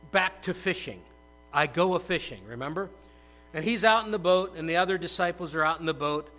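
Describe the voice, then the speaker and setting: A middle-aged male pastor preaches a conversational sermon, slipping into hushed asides and then bursting out with loud, acted-out quotes. His voice is high-pitched and the audio quality is poor.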